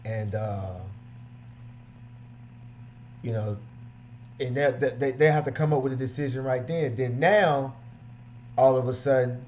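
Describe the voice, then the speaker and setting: A man's voice: fairly high pitch, animated, measured pace, long pauses, darkish tone, lo-fi sound, slight background noise. A man who runs a mobile detailing business, giving emphatic, repetitive, street-casual advice.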